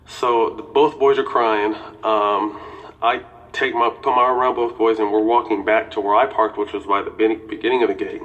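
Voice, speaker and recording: A man's voice: fairly low pitch, steady tone, fairly bright tone. Man telling a tense story in casual speech. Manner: quick, restarting narration with frequent profanity.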